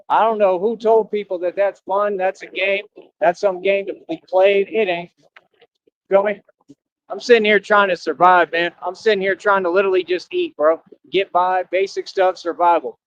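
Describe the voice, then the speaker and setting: A man's voice: sits high, no echo, dull audio. A man from Austin, Texas, ranting confrontationally on a livestream in streetwise slang with lots of repetition.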